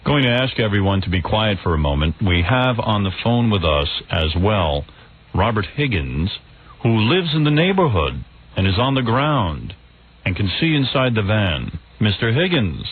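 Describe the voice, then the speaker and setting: A man's voice: lowish voice, sing-song, husky. Give me a man playing a drowsy, solemn TV anchor over tinny radio. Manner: slow, solemn newsreader delivery. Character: sleepy, dopey male TV news anchor. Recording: tinny phone-like radio audio.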